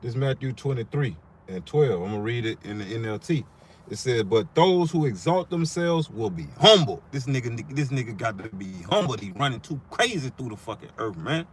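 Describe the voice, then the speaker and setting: A man reading scripture aloud and commenting on it in an emphatic, preachy, profane way, slowing down for the verses. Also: medium pitch, lively intonation, a little hiss or hum.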